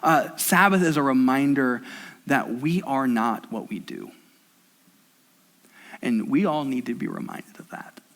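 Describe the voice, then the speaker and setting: A man's voice: mid-range voice, expressive, a little slow, pauses often, fairly bright tone. A man in his thirties preaching a sermon as pastor, emphatic and repetitive, building intensity.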